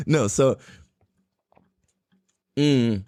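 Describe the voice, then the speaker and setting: A young man hosts a casual podcast, telling a story with lively swings of pitch that shoot up whenever he quotes himself. He swears freely and keeps it loose and chatty. The sound is dry and close, with no room around him. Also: extremely slow, no room sound. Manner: animated storytelling, heavy swearing, voice jumps high when quoting himself. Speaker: podcast host. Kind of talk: casual chat.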